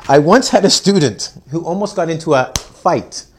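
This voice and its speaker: A man's voice: on the high side, lively intonation, moderate pace. A man teaching an English lesson on video, joking, mocking himself and acting out his students. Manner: playful, self-mocking, acts out students.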